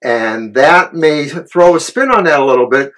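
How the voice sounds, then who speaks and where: A man co-hosting a casual tarot reading, explaining cards and astrology in a measured way. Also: a little high, lively intonation, fairly bright tone. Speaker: tarot reader and co-host.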